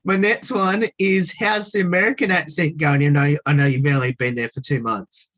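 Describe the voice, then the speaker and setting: A radio host asking interview questions over a video call, hesitant and full of "um" fillers, laughing often. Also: male voice, a little high, fairly even intonation, normal speed, a bit bright.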